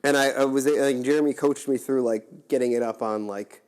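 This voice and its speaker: A man's voice: mid-range voice, steady tone, fairly quick, a little mellow, smooth. A young man hosting a casual podcast chat, rambling with lots of fillers and restarts. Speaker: podcast host.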